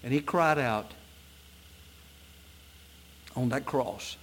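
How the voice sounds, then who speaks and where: A man preaching an evening sermon in a church, reading scripture in old-fashioned wording and swinging between loud emphatic peaks and low, soft passages. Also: takes it slowly, long pauses, slight background noise. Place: church sanctuary at an evening service.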